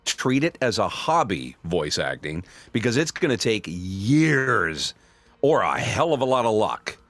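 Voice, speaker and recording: A middle-aged male voice actor telling stories in a casual interview, snarky and animated. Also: lowish voice, unhurried, no echo. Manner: storytelling, animated. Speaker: voice actor guest.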